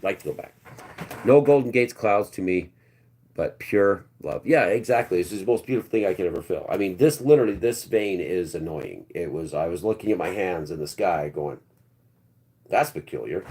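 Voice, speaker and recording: A man's voice: deep voice, expressive, normal speed, dark tone. A man hosting a live stream, telling a long personal story in a rambling, blunt, earthy way.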